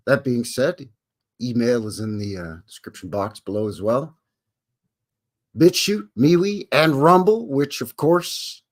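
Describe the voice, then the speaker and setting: A man's voice: mid-range voice, fairly bright tone. A Canadian man hosting a live stream in a folksy, jokey way, greeting chatters by name. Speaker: livestream host. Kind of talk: casual live-stream chat.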